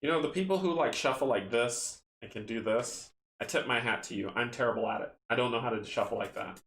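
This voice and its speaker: A man's voice: medium pitch, fairly quick, vocal fry, a bit bright. Chatty man in an echoey room. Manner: chatty, self-mocking, talks to viewers while shuffling. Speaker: host playing a card game on stream. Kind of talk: casual live-stream chat, reading rules aloud. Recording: roomy echo with faint background noise.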